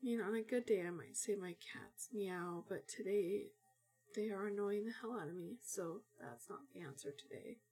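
A woman answering questions in a soft-spoken ASMR recording, sick and sniffling, hesitant and self-deprecating with many fillers, slipping into whispers. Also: medium pitch, normal speed, faint music behind. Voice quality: husky, partly whispered.

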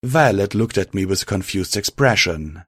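A man reading a first-person fan fiction story aloud, steady and even. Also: deep voice, moderate pace, no room sound, clean studio sound. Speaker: narrator.

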